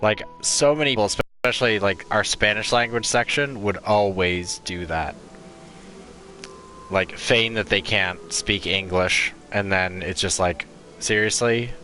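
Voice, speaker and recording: Low-voiced man chatting over gameplay. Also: measured pace, sharp tone, faint music behind. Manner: chatty, rambling storyteller. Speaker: let's play host. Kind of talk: casual gaming commentary.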